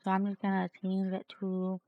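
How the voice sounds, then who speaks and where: A woman's voice: mid-range voice, completely flat delivery, normal speed, no room sound, narrow, tinny audio. A woman co-hosting a gaming stream in casual chat, playful and giggly, trying out a cutesy baby-talk voice and swearing now and then. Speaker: streamer co-host.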